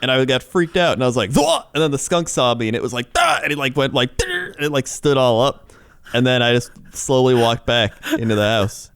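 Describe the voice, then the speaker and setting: A man's voice: medium pitch, quick pace, smooth, dry recording. A man co-hosting a comedy podcast, reading news stories aloud and laughing between them. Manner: laughs often, reads stories aloud with asides. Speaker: podcast co-host.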